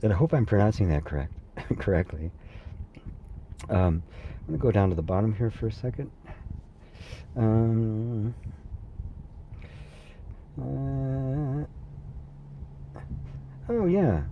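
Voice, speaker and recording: A man hosting a live satsang as a spiritual teacher, speaking gently and reassuringly, laughing softly and pausing with fillers as he reads viewer comments. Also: on the low side, expressive, muffled recording, slight background noise. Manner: hesitant fillers and restarts while reading.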